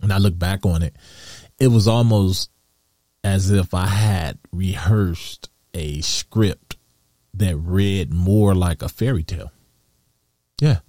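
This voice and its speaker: A man hosting a solo podcast, talking in a slow, musing way with soft laughs and restarts. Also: low-pitched, dry recording, clean studio sound. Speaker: podcast host. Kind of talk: reflective solo podcast monologue.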